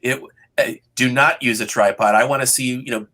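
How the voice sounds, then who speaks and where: A man in his fifties, a TV journalist guest, telling animated stories and acting out his past thoughts. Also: medium pitch, fairly quick. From Boston area. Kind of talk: storytelling in interview.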